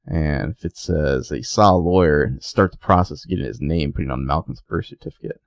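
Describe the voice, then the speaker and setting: A man's voice: rumbling low, expressive, normal speed, creaky, no room sound. A man co-hosting a casual chat, recapping a TV episode and acting out the characters' lines. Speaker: podcast co-host recapping a TV episode.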